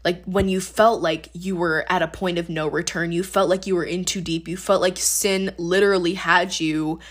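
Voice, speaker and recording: A woman's voice: on the low side, steady tone, moderate pace. A woman in her twenties, a podcast host, sharing her faith testimony in a casual, earnest way full of "like". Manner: casual, earnest, heavy use of "like".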